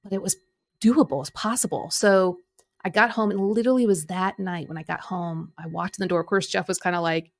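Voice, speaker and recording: A middle-aged woman coaching and telling a personal story in an animated way, acting out quoted lines. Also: on the low side, a little fast. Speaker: Enneagram coach and podcast host.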